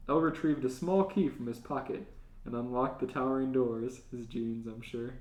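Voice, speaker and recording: A man's voice: medium pitch, normal speed, darkish tone. A man co-hosting a comedy podcast, reading fanfiction aloud. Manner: reads aloud, often laughing. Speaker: podcast co-host. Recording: roomy echo.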